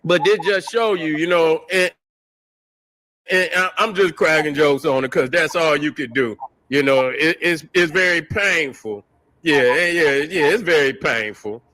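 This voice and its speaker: A man's voice: a little high, measured pace, pushed and bright, dry recording, poor audio. A man hosting a show, ranting in a profane, joking, trash-talking way and laughing at his own jokes. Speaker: podcast host. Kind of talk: casual commentary rant.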